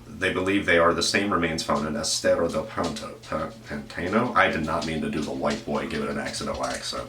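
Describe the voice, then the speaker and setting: A man with a very deep voice and a bright, forceful edge rambles through casual commentary, cursing and cutting himself off mid-thought. He sits back from the mic in an echoey room. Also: recorded from a distance. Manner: meandering, profane, self-interrupting. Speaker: true-crime commentary host.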